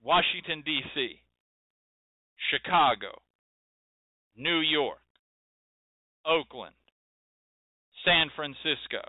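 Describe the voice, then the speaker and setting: Brief: impassioned male host, rhetorical and forceful, fairly high voice, phone-like and dry. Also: animated, extremely slow, long pauses, dry recording. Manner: emphatic, preachy, repeats phrases for effect. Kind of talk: impassioned monologue. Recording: dry tinny phone-like sound.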